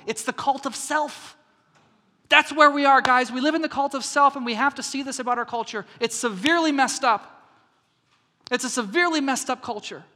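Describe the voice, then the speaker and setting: High-voiced preacher man in a reverberant hall. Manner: animated storytelling, shifts from soft to loud. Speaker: pastor. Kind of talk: sermon.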